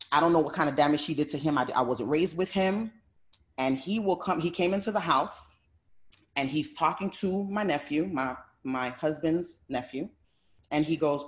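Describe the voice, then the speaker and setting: A woman guest on a video call, telling family stories in a heated, fiery way and swearing often. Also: deep voice. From Haitian heritage. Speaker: panel guest. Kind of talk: heated personal testimony.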